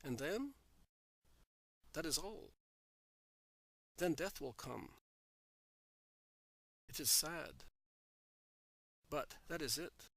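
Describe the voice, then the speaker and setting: A man's voice: a little high, lively intonation, drawn-out words, creaky, long pauses, sharp tone, no echo, heavily acted. A man voicing an ambitious older merchant who brags of his wealth and plans, in a storybook reading. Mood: resigned. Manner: boastful, then resigned.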